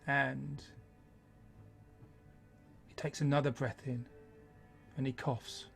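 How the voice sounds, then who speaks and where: Gravelly game master. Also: male voice, medium pitch, flat delivery, soft background music. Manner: slow, hushed storytelling. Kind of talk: narrating a tabletop game.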